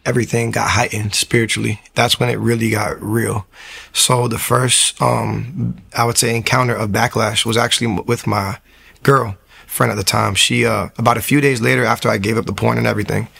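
A young man with a gravelly, fry-laced voice recounts his testimony with animated energy. He repeats phrases for emphasis and slips into other people's voices as he tells his story. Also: fairly low pitch, fairly quick. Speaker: guest giving a testimony. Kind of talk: emotional personal testimony.

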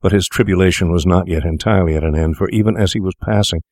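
A man narrating an audiobook in a measured, deliberate way. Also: sits low, a little mellow, no echo, clean studio sound.

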